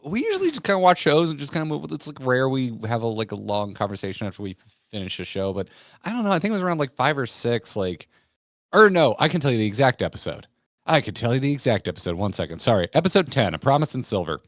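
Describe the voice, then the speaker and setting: Excitable male host, dry close sound. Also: mid-range voice, quick pace, dry recording. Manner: rambling, restarts often, excitable fan talk. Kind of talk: casual roundtable chat.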